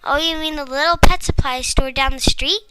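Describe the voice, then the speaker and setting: A woman voicing a cheerful, chatty talking female guinea pig who exclaims excitedly in a storybook. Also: high-pitched, brisk, slight background noise, voice pushed up, rough recording.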